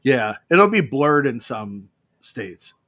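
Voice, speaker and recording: This co-host in his fifties speaks slowly in a mid-range, fairly bright voice with big pitch swings, captured dry at studio quality. His casual banter rambles from joke to joke, packed with fillers.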